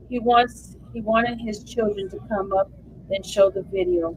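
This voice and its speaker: A woman's voice: medium pitch, normal speed, a little hiss or hum, rough recording. A woman hosting a livestream, giving emotional live commentary and reading updates aloud to viewers. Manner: animated, emotional, addresses viewers as y'all. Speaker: livestream host.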